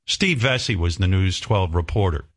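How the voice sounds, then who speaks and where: A man's voice: sits low, lively intonation, moderate pace. A middle-aged man hosting a radio talk show, ranting with profanity and indignation.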